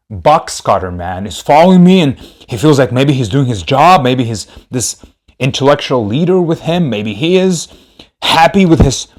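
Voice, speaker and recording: A man's voice: medium pitch, a little mellow. A man telling a comedic story on a podcast, rambling and repeating himself.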